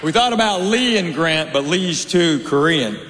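A middle-aged man with a rather high, slightly bright voice performs stand-up on a large hall stage, speaking expressively at a measured pace. He tells dry, conversational stories and throws asides to the crowd. The recording carries roomy hall reverb and faint noise.

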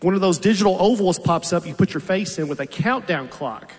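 On a theater stage, a stand-up comedian in his fifties delivers dry stories at his own expense. He speaks a touch fast, with a high-sitting voice and lively intonation, and the large room leaves a long reverb.

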